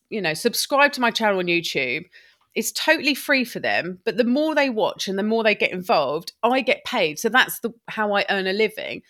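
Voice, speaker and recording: A woman's voice: medium pitch, fairly bright tone. A woman with a bubbly, chatty manner, talking as a guest in a podcast interview about her upcycling business. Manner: bubbly, talks in quick bursts.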